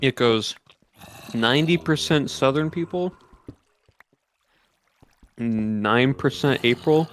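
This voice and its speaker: A man's voice: medium pitch, takes it slowly, long pauses, a little hiss or hum. Rambling, chatty man co-host. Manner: rambling, full of fillers, gives game tips. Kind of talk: casual chat while gaming.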